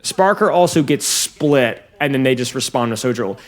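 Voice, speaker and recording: Excitable male esports coach, lively pitch. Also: normal speed. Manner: excitable, voice jumping up when plays swing; talks straight to viewers. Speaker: esports coach reviewing a match. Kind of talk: casual match analysis commentary.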